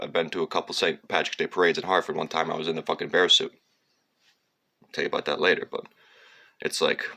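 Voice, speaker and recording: Gravelly low-voiced man rambling profanely. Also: bright, forceful tone. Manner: digressive, profane, slips into sung lines and mocking voices. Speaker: storyteller.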